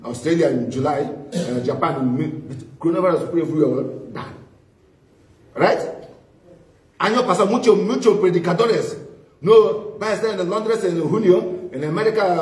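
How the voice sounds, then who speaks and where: A pastor delivers a fervent bilingual sermon, mixing English and Spanish, preaching with interpretation and repeating phrases for emphasis. His voice is fairly high for a man. It echoes through a church hall, captured from some distance from the microphone.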